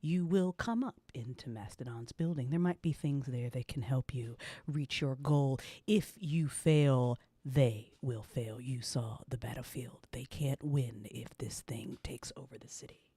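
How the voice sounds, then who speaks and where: Woman playing a cryptic apparition woman, whispered role-play, low hushed voice, dry sound. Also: breathy edge, dry recording, full character voice. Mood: ominous. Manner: hushed, measured warnings.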